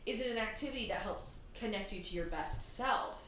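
A young woman hosting a podcast, enthusiastic and quick to react, laughing often in casual chat. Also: mid-range voice, a bit bright. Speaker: podcast host. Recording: very echoey room, faint background hum.

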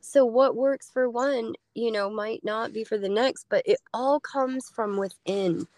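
A woman's voice: fairly high pitch, measured pace, darkish tone. A woman in casual conversation about faith, reflecting aloud and affirming the other speaker.

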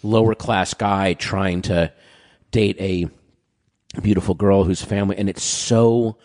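A man in a casual chat, rambling through stories with quick asides, his throat dry so he keeps clearing it. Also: low-pitched, steady tone, a little mellow. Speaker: podcast guest.

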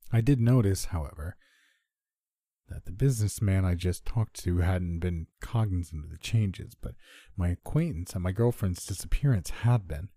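Low, dark, husky male horror narrator. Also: no room sound, clean studio sound. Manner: measured, subdued storytelling. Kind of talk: scripted first-person horror narration.

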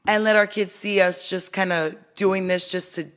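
A woman in a mid-range voice, a guest in a relaxed conversation. She talks candidly and bluntly, with casual swearing. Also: medium pitch, normal speed. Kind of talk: casual chat.

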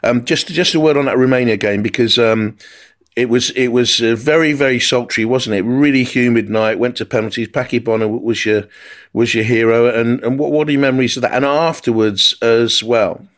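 Halting man hosting a podcast. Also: mid-range voice. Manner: halting, restarts his phrases. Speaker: podcast host, football commentator. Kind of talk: interview questions.

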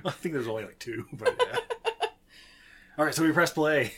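A man hosting a podcast, recapping a movie in casual chat, laughing often and pausing on fillers. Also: fairly high pitch, sing-song, a crowd in the background. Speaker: podcast host.

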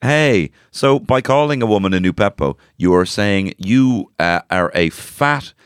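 A man's voice: fairly low pitch, a little slow, smooth, no echo, clean studio sound. A man with a Dublin Irish accent, co-hosting a podcast in crude, joking casual chat. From Ireland. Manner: crude, joking, animated storytelling. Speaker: podcast co-host.

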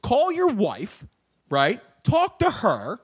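A young man rants on a podcast, his voice high for a man and swinging wildly in pitch. He curses freely and shouts his punchlines. The sound is close and dry, with no room around it. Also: takes it slowly, breathy edge, dry recording. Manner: animated ranter, swears, shouts punchlines. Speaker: podcast co-host. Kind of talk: casual ranting chat.

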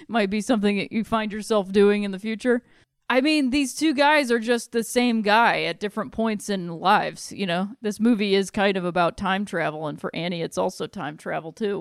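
A woman's voice: medium pitch, clear, resonant tone, no room sound, clean studio sound. A woman talking casually about a film, chatty and laughing often, with casual swearing.

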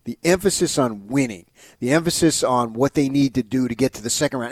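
A man's voice: mid-range voice, a little fast. Rambling, emphatic male sports talk host. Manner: rambling, emphatic, frequent restarts.

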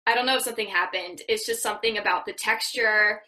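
Bright-voiced young woman co-host. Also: medium pitch, quick pace, low-quality recording. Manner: candid and self-deprecating. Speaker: podcast co-host. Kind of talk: casual chat.

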